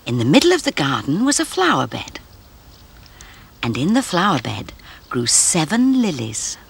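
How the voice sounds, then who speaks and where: Woman storyteller for children: gentle, expressive, slightly gravelly delivery. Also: fairly low pitch. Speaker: storyteller presenter.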